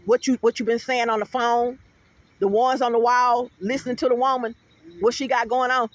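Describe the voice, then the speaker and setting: A woman's voice: a little high, normal speed, no echo. A middle-aged woman host speaking, telling stories animatedly in a casual interview chat and calling out to viewers. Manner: animated storytelling, addresses viewers as y'all.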